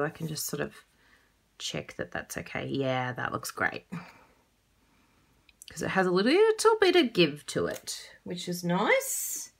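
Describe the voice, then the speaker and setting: A woman's voice: lowish voice, gravelly, a little hiss or hum. A woman with an Australian accent giving a chatty, casual card-making tutorial, laughing often.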